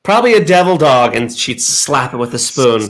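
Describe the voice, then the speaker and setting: A man telling a lively childhood story in casual chat, acting out the sounds and voices. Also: mid-range voice, normal speed. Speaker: co-host.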